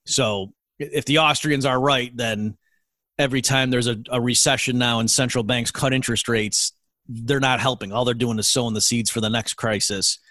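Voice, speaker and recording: A man's voice: medium pitch, fairly even intonation, moderate pace, bright, forceful tone, no room sound. A middle-aged man, an economist guest in an interview, explaining his field in an earnest, lecturing way. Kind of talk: interview answers.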